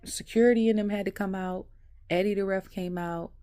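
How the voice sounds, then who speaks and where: A woman vlogging a casual wrestling recap at home, an animated storyteller who laughs often. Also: mid-range voice, brisk, clear, resonant tone, no room sound. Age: adult.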